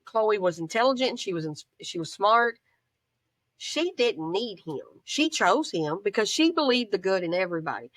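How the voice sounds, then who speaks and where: A woman's voice: mid-range voice, a bit bright, no room sound. A middle-aged woman, a bereaved mother recounting events plainly and emotionally as an interview guest, often quoting what people said. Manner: plain-spoken, storytelling with reported speech. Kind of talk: emotional personal account.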